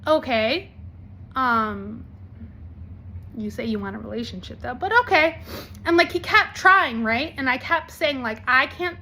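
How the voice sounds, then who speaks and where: A woman in her forties with a bright, high-pitched voice talks straight to camera. She is blunt and animated, with swearing scattered through her talk. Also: a little slow, a little hiss or hum. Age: 40s. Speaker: vlogger.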